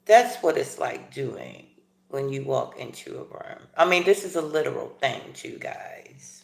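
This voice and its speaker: A middle-aged woman hosting a casual livestream, chatting in a rambling, playful way with animated asides. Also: very deep voice, normal speed, vocal fry, reverberant. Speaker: livestream host. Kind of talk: casual live chat while eating breakfast.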